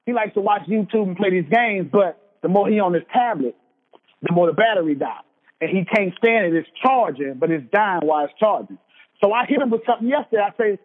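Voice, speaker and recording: Man, 30s, motivational speaker: high voice, preachy repetition, thin phone-like audio in a long-echo hall. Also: expressive, brisk. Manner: preachy, emphatic, repeats lines for effect. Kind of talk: motivational speech. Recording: tinny phone-like sound with long hall reverb.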